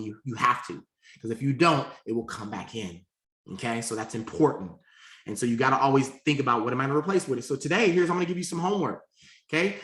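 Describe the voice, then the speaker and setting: A man's voice: on the high side, sharp tone, echoey room. A man, a life coach, giving a motivational talk on changing habits, emphatic and repetitive, often checking in with "okay". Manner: emphatic, repeats points, frequent "okay" check-ins.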